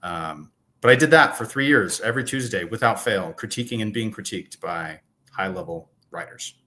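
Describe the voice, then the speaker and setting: A man's voice: lowish voice, expressive, moderate pace, bright, forceful tone. A man in his thirties, a guest author chatting casually on a video call, joking and self-deprecating. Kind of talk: casual interview chat.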